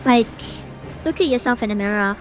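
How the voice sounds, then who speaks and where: A young woman streamer gives loose, rambling gameplay commentary, filling her sentences with fillers as she vents. Her voice sits a little high for a woman, and faint game music plays under her talk. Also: fairly quick. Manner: chatty, ranting, many "like" fillers. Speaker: gaming streamer.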